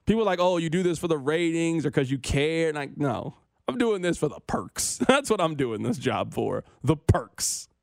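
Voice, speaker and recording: A young man hosting sports talk radio, slightly higher-pitched than most men. He banters, whines playfully and mocks himself. The voice is dry and close, on a studio microphone. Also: moderate pace, vocal fry, dry recording. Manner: animated, self-mocking, whiny complaints.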